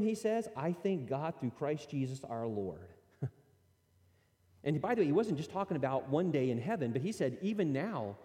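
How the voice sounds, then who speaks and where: A pastor delivers his sermon with a lively, rising and falling voice that is mellow rather than bright. He speaks earnestly, pressing his points hard and then dropping to soft asides. The sound carries the long reverb of a church hall. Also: medium pitch. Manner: earnest, animated preaching with rising emphasis and quiet asides.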